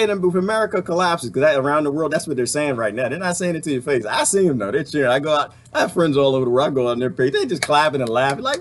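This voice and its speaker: Guy ranting hard, voice swoops up and down a lot, fairly high pitch. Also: very animated, fast. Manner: emphatic, rhetorical questions, swearing, laughs often. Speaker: vlogger. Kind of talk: impassioned political rant.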